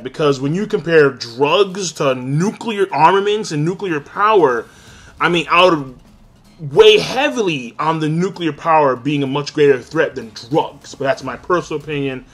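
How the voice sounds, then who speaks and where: A young man giving a casual, excitable review, swearing constantly and swinging between loud outbursts and low, calmer talk. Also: moderate pace. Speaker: anime reviewer.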